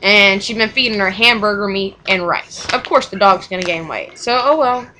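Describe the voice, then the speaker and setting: A young mother with a drawl rambles through a personal story in casual, frank chat. Her voice is bright and forward at a middle pitch. A faint hiss sits under the recording. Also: normal speed, poor audio. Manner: rambling and frank, with swearing and short laughs.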